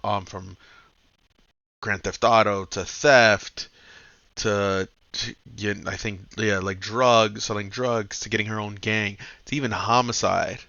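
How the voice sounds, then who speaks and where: A man's voice: fairly low pitch, vocal fry, pushed and bright, no echo, dull audio. A man hosting a casual comic book review, talking loosely and swearing often. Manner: loose and profane, keeps saying "bro".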